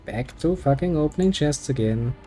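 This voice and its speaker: Sarcastic, swearing man with a mellow voice. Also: a little high, lively intonation, normal speed, faint music behind. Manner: sarcastic, muttering, heavy swearing. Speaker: gameplay commentator. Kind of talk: casual gameplay commentary.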